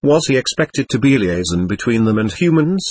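A man narrating a story in a steady, measured reading style. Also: medium pitch, slightly rough.

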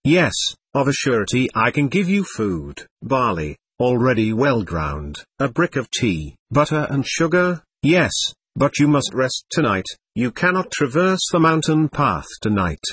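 Man doing old priest caretaker, kindly, fussing, raised voice, husky, dry audiobook sound. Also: sing-song, measured pace, hardly any pauses, a bit bright, no room sound, full character voice. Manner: high raised voice, hospitable.

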